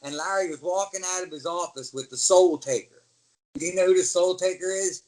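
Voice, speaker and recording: Animated middle-aged man telling wrestling stories. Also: sits high, fairly quick, low-quality recording. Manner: animated storyteller, acts out quoted voices. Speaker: guest, former pro wrestler. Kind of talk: casual storytelling interview.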